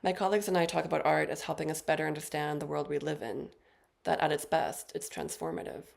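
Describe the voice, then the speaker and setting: A woman in her thirties giving a poetry reading, with short spoken introductions between poems and a measured, deliberate delivery. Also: low-pitched, fairly even intonation, vocal fry. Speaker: featured poet.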